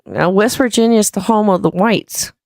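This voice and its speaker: A woman's voice: medium pitch, moderate pace, vocal fry, no echo. Chatty woman hosting a stream. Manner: chatty, thanks supporters, laughs easily. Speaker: live stream host. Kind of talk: casual live stream chat.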